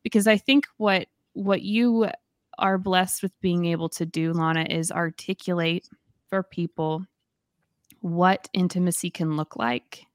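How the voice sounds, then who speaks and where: Southern US woman co-host, lowish voice, dry close mic, chatty and affirming. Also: fairly even intonation, a little slow, no echo. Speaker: podcast co-host. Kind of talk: casual faith podcast chat.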